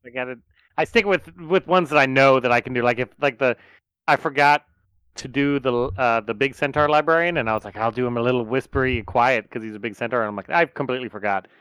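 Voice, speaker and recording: A man with a smooth, clear voice talks casually about the tabletop game he ran, explaining the dice rolls in rambling sentences. The sound is close and dry. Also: medium pitch, fast talker, a bit bright, no echo, rough recording. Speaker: game master. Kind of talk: casual chat.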